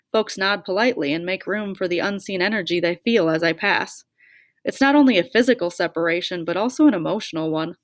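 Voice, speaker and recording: A woman's voice: mid-range voice, no room sound, clean studio sound. A woman reading a first-person audiobook with a wry, self-deprecating way of telling it. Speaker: audiobook narrator.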